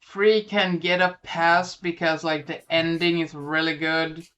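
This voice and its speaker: A podcast co-host with a lisp, chatting casually about films and often pausing on ums. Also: medium pitch, little pitch movement, fairly bright tone, muffled recording. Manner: hesitant, lots of ums. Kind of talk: casual film chat.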